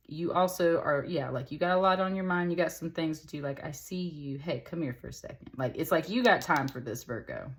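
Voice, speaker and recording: A woman with a slightly low voice gives a casual tarot reading to camera. She talks in a chatty, upbeat way. She addresses her viewers directly and warmly with little endearments. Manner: chatty and upbeat, with many fillers and laughs. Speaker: tarot reader.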